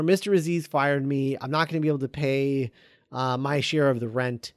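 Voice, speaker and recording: A man's voice: mid-range voice, moderate pace, dry recording, studio quality. A man chatting casually, retelling a script scene by scene with many fillers and quoted lines. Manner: rambling with many fillers, quoting characters in a flat relaying voice.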